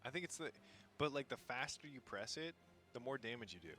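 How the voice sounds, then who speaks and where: A man's voice: medium pitch, expressive, a little fast, bright, forceful tone, soft background music. A man from Canada co-hosting a raid stream, bantering in a jokey, teasing way. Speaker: stream co-caster. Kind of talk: casual commentary banter.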